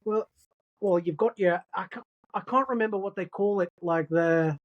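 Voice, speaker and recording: A man's voice: sits high, normal speed, dull audio. A man chatting as a podcast guest, joking and slipping into put-on voices as he talks. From Scotland. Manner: jokey, puts on voices. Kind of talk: casual chat.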